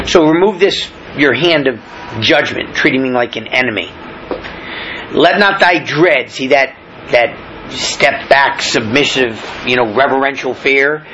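A male preacher teaches verse by verse. He reads the scripture aloud, then explains it in plain everyday words, stopping often on fillers and restarts. His voice sits fairly high and moves a lot, and it is heard through a dull lo-fi recording. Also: lively intonation, normal speed, a bit bright. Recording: dull lo-fi recording with faint noise.

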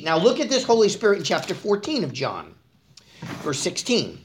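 A man preaching a casual, conversational sermon, asking the congregation questions and moving between loud emphasis and quiet asides. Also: high voice, wildly swooping pitch, a little fast.

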